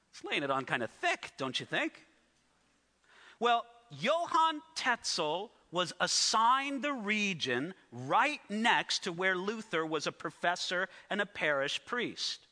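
A man preaching with a very high, ringing voice that sounds sharp and bright. He tells the story with lively asides to the listeners, and a long hall echo follows each word. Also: takes it slowly. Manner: animated storytelling with asides to the audience. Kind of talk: sermon. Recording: echoey hall.

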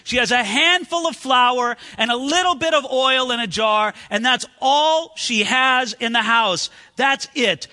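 A man preaching a sermon in an animated way, acting out the voices in the story he tells. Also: very high voice, unhurried, few pauses, in a large hall. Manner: animated, acts out quoted voices.

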